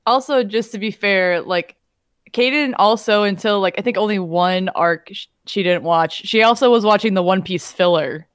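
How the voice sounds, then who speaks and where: A woman co-hosting a casual podcast, chatting in a relaxed, loose way. Her voice sits at a middle pitch and sounds dry and close to the mic. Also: moderate pace, smooth, no room sound. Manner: relaxed, chatty, lots of fillers. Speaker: podcast co-host. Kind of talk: casual chat.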